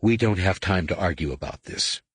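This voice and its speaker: A man's voice: deep voice, lively intonation, normal speed, slightly rough, dry recording, studio quality. A man voicing a stubborn, commanding woman in an audiobook, firm and clipped.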